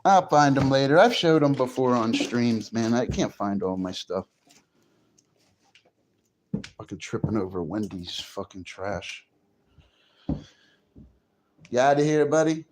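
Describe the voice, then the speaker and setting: Male streamer, mid pitch, crude rambling chat, faint background noise. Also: expressive, a little slow. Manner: profane, rambling, easily frustrated. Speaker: live streamer. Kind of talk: casual livestream chat.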